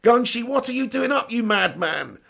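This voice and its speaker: A man hosting a live stream, chatting excitedly, laughing and bantering with mild swearing as he reads out viewer messages. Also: extremely high pitch, normal speed, gravelly.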